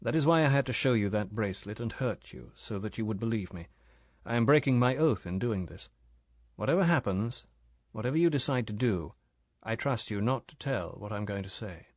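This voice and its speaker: Cool spy guy, narrator doing him, flat and matter-of-fact, dry close read. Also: on the low side, brisk, dry recording. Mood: earnest. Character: cool, guarded British secret agent, adult man.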